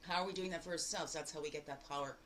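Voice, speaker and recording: A woman giving a daily spiritual card reading in a lively, exclamatory way, full of rhetorical questions and repeated phrases. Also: rapid-fire, a little hiss or hum, poor audio. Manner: animated, jumping between loud bursts and low asides. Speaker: spiritual guide.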